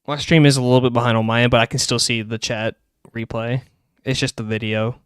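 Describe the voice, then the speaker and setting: A young man streaming live, chatting excitably and rambling about game lore. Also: medium pitch, clear, resonant tone, no room sound, clean studio sound. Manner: excitable, rambling, quick bursts of laughter.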